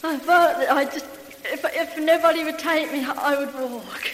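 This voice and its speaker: Woman, high voice, effusive church testimony, roomy hall echo. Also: normal speed. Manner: effusive, bubbling with hallelujahs and laughter. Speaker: member giving a testimony. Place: large hall. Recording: echoey hall with faint hiss.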